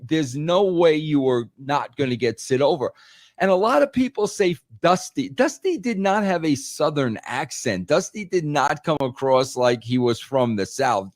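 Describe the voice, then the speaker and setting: A man's voice: a little high, dry recording, studio quality. A man talking in a casual podcast chat, emphatic, repeating words and saying "bro" a lot. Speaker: podcast guest, former wrestling writer.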